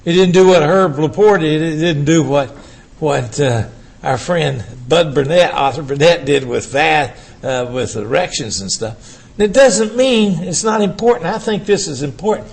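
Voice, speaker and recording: A man's voice: a little high, lively intonation, normal speed, vocal fry, husky. Older man lecturing with emphatic rhetorical questions. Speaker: urology professor giving a lecture. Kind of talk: academic lecture to an audience.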